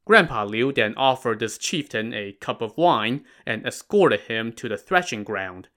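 A man's voice: mid-range voice, expressive, unhurried, hardly any pauses, fairly bright tone. A man narrating a classic tale in a casual, wry style with modern slang. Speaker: storyteller.

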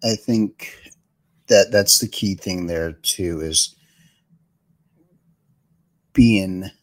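Deep-voiced man, halting casual talk. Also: poor audio. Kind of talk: casual chat.

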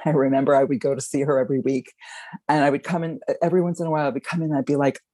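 A middle-aged woman sharing her recovery story, speaking in an emotional, halting and reflective way. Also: sits low, fairly even intonation, dark tone, no room sound, rough recording. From Baltimore, Maryland. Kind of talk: personal sharing.

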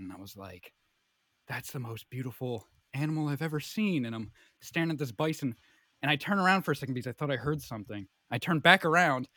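A young man telling a comic story in a rambling, animated way, full of fillers. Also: mid-range voice, no room sound.

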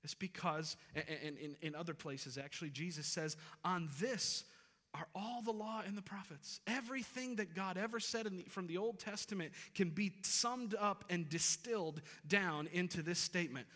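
A pastor in his thirties delivers a sermon, earnest and emphatic, driving points home by repeating phrases. His voice sits somewhat high and rings bright and forceful. The sound carries the long reverb of a church sanctuary from a stage mic. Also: moderate pace. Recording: reverberant hall.

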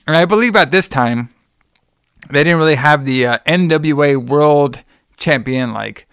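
A male podcast co-host in casual chat, telling stories with animated energy and swearing freely. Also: a little high, measured pace, clear, resonant tone, dry recording, studio quality.

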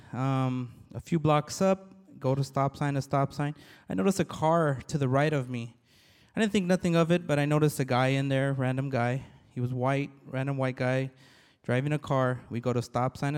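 A man, a police officer, giving a halting, earnest church testimony to a congregation, with many restarts. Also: mid-range voice, a little mellow, clear, resonant tone. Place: church hall. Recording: long reverb of a large hall.

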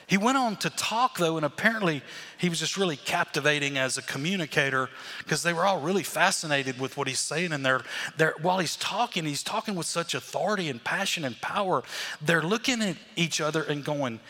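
A man preaching a sermon as pastor, animated, acting out the crowd's voices. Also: fairly high pitch, a little fast, big-room sound.

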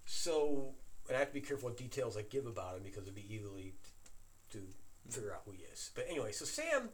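A man in casual chat, excitedly telling an anecdote with plenty of swearing. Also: medium pitch, quick pace. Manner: animated, excitable storyteller who swears.

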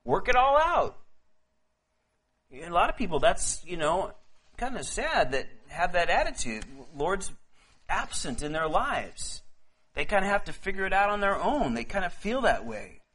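A man with a high voice preaches in an easygoing, conversational way. He stumbles and repeats words as he talks, then slows down to read scripture with care. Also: sing-song, fairly bright tone. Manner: casual and halting, often repeating words; reads scripture slowly and deliberately. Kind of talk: conversational sermon.

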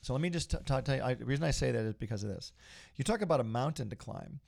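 Gravelly, upbeat man hosting a podcast. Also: mid-range voice, lively intonation, racing, a little mellow. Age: middle-aged. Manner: upbeat, rambling, motivational. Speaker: podcast host. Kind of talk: casual podcast chat.

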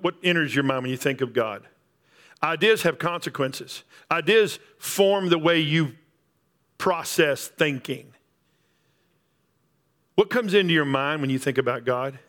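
A man's voice: a little high, pushed and bright. A man preaching a sermon, emphatic and repetitive, building up on key phrases. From Texas Panhandle. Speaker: pastor.

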